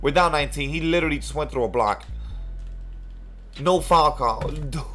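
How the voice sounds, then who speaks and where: A man's voice: fairly high pitch, normal speed, bright, forceful tone, soft background music. A young man streaming a basketball video game, cursing and trash-talking his opponent while thanking viewers for donations. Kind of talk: live game stream commentary.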